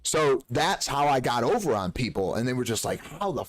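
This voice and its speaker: A man streaming live, telling gaming stories in an animated, profane way and acting out the dialogue. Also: mid-range voice, fairly quick, dry recording. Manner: animated storyteller, swears freely, acts out dialogue. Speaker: game streamer. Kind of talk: casual live-stream chat.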